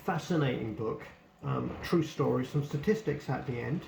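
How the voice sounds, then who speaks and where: A man's voice: medium pitch, moderate pace, vocal fry. A man giving a casual spoken book review, blunt and opinionated, swearing freely. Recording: echoey room with faint background noise.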